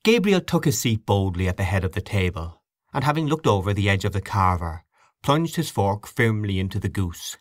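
Here a man on the lower side narrates scripted audiobook text, keeping his delivery measured and expressive. There's no echo, and the studio sound is clean.

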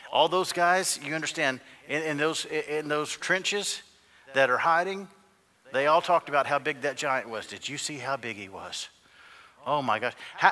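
Preaching man with a bright voice. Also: fairly high pitch. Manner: preaching with big swings from quiet to shouting. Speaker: pastor. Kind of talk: sermon. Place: church sanctuary. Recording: long church reverb.

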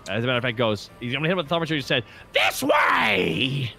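A man's voice: mid-range voice, very fast, pushed and bright, faint music behind. A man playing a tabletop game over a call, rambling animatedly through his turn with laughs. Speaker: player.

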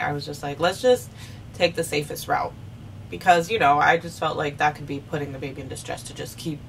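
A young woman vlogger casually telling a story, chatty with many fillers, jumping high when she acts out what she said. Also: distant mic, a little hiss or hum. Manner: animated, acts out quotes with sharp high pitch jumps.

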